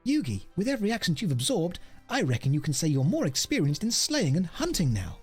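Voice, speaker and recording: A man's voice: high-pitched, huge pitch swings, brisk, breathy edge, soft background music, pitched above the performer's own voice, full character voice. A man reading a game character's lines in a put-on Australian accent, as a cheery museum worker. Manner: exaggerated slangy drawl, reading NPC lines aloud.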